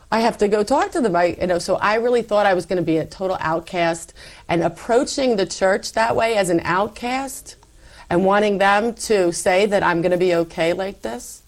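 A middle-aged woman giving a personal testimony in conversation, animated, acting out quoted lines. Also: medium pitch, moderate pace. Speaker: guest telling her faith story.

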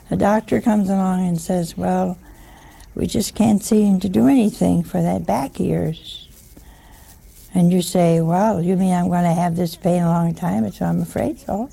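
A woman's voice: medium pitch, gravelly, dark tone, slightly rough. A woman giving a chatty sermon, teasing her listeners with rhetorical questions and humor. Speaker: religious teacher. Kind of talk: conversational sermon.

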